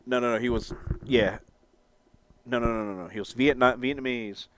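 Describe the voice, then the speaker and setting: A man's voice: medium pitch, fairly even intonation, normal speed, no room sound. A young man rambling and stammering as he answers chat on a live stream, swearing freely and laughing at his own jokes. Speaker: livestreamer reading chat.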